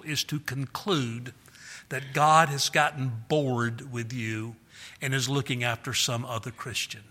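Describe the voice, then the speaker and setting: Earnest high-voiced man preaching, hall reverb. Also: bright, forceful tone. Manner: earnest, repeats words, acts out quotes with raised voice. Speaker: pastor. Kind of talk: sermon.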